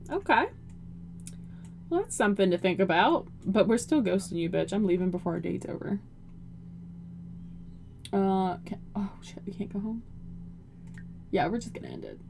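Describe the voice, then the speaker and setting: A woman's voice: mid-range voice, expressive, measured pace, gravelly, long pauses, background noise. A young woman giving casual, profane, joking commentary over a life-simulation game and talking to her character. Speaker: gaming video host.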